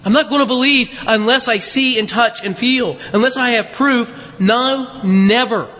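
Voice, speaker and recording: This pastor's voice is extremely high, pushed and bright, moving at normal speed. He preaches conversationally in a church sanctuary, throwing out rhetorical questions and asides to the congregation, while the large hall adds long reverb.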